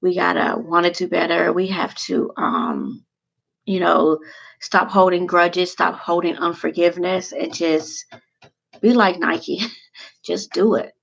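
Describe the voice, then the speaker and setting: A woman's voice: on the low side, animated, measured pace, creaky, highs cut off. A woman vlogger chatting casually and emotionally to her viewers, rambling from one thing to the next.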